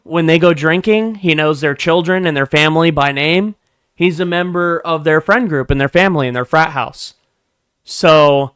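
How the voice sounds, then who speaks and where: A man's voice: a little high, clean tone, no echo, studio quality. A young man vlogging an angry workplace story, profane and emphatic, acting out what people said. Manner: profane, emphatic, acts out quotes with sudden loud bursts. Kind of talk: animated storytelling vlog.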